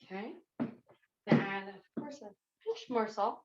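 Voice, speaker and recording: A woman's voice: medium pitch, measured pace, darkish tone. A woman executive chef giving a chatty, step-by-step cooking demonstration in a kitchen. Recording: roomy, slightly dull sound.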